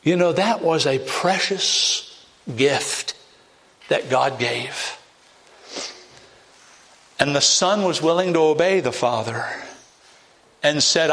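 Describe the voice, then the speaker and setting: A man's voice: fairly high pitch, lively intonation, takes it slowly, long pauses, fairly bright tone. Fervent preacher man. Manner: fervent, rising to emphatic peaks, direct questions to listeners. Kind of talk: evangelistic sermon.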